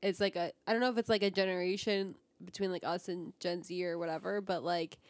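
A woman's voice: on the low side, fairly even intonation, brisk, no echo. A woman co-hosting a casual podcast, talking in a rambling way with many fillers. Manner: filler-heavy, rambling, laughs easily. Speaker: podcast co-host. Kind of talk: casual chat.

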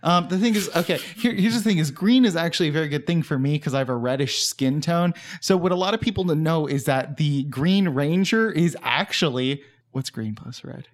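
A man's voice: fairly high pitch, a little fast, few pauses. A young man co-hosting a casual comedy podcast, joking and goofing around, drifting toward and away from the mic. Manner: jokey, goofy, drifts from the mic. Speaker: podcast co-host.

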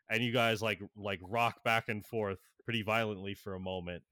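A man running a tabletop game as game master, narrating in a halting way with many fillers and frequent laughs. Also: on the low side, fairly bright tone, no room sound, studio quality.

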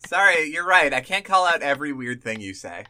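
A man's voice: fairly high pitch, sing-song, moderate pace, sharp tone, no room sound, clean studio sound. A man co-hosting a podcast in casual, teasing banter, laughing often. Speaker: podcast co-host.

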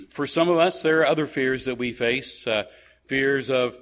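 A man's voice: medium pitch, measured pace, a bit bright. Male pastor preaching in a conversational tone. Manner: conversational preaching with rhetorical questions; frequent hesitations and restarts. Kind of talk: sermon.

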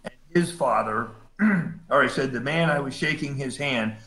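A man's voice: mid-range voice, normal speed, roomy sound, rough recording. A man who works as a volunteer rescue cave diver, telling a story in casual speech and acting out the dialogue he quotes. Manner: animated retelling, acts out quoted dialogue.

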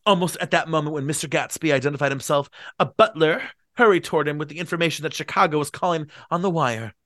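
A man's voice: on the high side, fast, a bit bright, no room sound, clean studio sound. A man hosting a book reading, narrating with playful jokey asides. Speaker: host and reader. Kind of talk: book reading with comedic commentary.

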